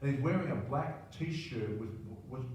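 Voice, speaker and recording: Older Australian man, mellow tone, rambling self-deprecating storyteller, echoey room. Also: mid-range voice, lively intonation, unhurried, a little hiss or hum. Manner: rambling, self-deprecating, keeps adding "right?". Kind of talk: personal anecdote monologue. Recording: very roomy, distant mic, faint ambience.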